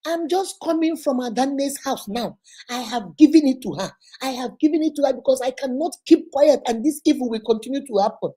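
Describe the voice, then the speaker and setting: Scolding young Nigerian sister-in-law, high and husky, put on by a woman. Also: dark tone. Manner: scolding, indignant, rapid-fire questions.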